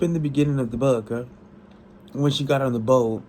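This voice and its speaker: A tired man chatting casually about a book he is reading, rambling and excitable, with frequent restarts and swearing. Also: medium pitch, brisk, a little hiss or hum, rough recording. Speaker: book vlogger.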